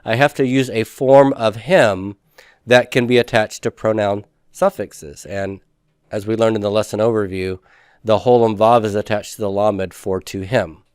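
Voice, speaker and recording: A man's voice: lowish voice, fairly even intonation, normal speed, a little mellow, clean tone, no echo, studio quality. A man teaching a recorded review lesson, patiently asking questions and answering them himself.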